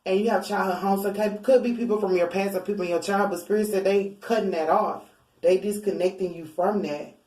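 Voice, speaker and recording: Tarot reader woman, relaxed chatty delivery, a little off-mic in an echoey room. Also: mid-range voice, a little fast. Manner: chatty, informal, laughs often. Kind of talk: casual spiritual reading. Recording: roomy, a bit far from mic.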